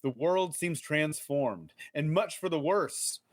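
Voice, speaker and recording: A man's voice: fairly high pitch, expressive, slow pace, dry recording. A man co-hosting a podcast, reading a kids' adventure book aloud with playful, joking asides. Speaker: podcast co-host. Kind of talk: casual live book reading.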